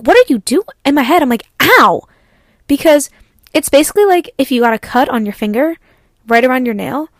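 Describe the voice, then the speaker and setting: A young woman with a fairly high voice tells a casual story in a dry, close recording. As a podcast host, she vents with lively exasperation and acts out her own responses.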